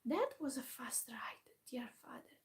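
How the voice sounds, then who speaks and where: A woman voicing a naive, cheerful pumpkin-headed man in a soft whispered role-play. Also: high voice, sing-song, measured pace, heavily acted. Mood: innocent. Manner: innocent, mild and smiling.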